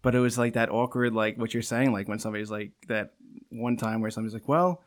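A man's voice: fairly low pitch, completely flat delivery, fast. Guy cohosting a podcast, rambly, keeps laughing mid story. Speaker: podcast co-host. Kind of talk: casual podcast chat.

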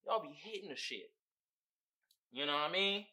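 A man hosting a podcast, in casual comedic commentary that is animated and profane, with frequent laughs. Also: fairly high pitch, moderate pace. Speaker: podcast host.

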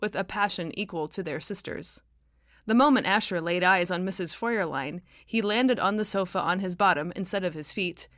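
Woman reading her own novel aloud, wry storyteller, mid pitch, dry sound. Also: fairly bright tone, dry recording. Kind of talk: audiobook narration.

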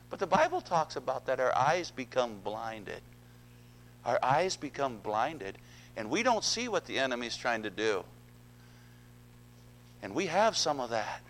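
A man's voice: mid-range voice, very animated, moderate pace, fairly bright tone, slight background noise, rough recording. Male pastor, sermon delivery, earnest and repetitive, mid-range voice. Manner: earnest, repeats words, addresses congregation.

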